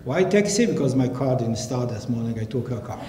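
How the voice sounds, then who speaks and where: A man on a public panel telling a story in an animated way, acting out phone calls in different voices. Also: mid-range voice, a little fast. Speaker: panel guest, scientist. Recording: echoey hall, faint noise.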